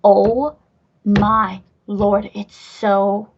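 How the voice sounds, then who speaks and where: A woman's voice: medium pitch, little pitch movement, extremely slow, creaky, dull audio, slight background noise. A woman hosting a podcast in casual chat, gushing and rambling, swearing casually. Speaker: podcast host.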